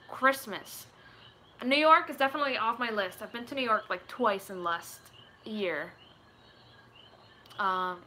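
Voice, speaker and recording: A woman's voice: fairly high pitch, sharp tone. A young woman from Rico, rambling playfully as she chats live with viewers from home. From Puerto Rico. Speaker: streamer. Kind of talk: casual live chat answering comments.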